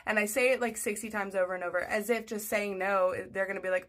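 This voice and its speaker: A woman's voice: mid-range voice, fairly even intonation, brisk, hardly any pauses, a bit bright. A young adult woman telling a story in a chatty, casual way, full of "like" and acting out what people said. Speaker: storyteller on social video.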